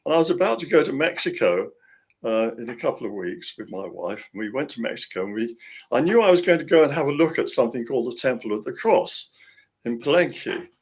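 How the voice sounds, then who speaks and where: Male author guest, casual storyteller who rambles, chuckles and restarts, mid-pitched. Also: animated, fast talker, husky.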